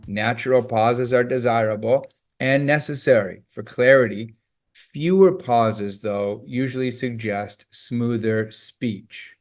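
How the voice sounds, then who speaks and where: A man teaching test preparation in a scripted, emphatic, coaching explanation. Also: mid-range voice.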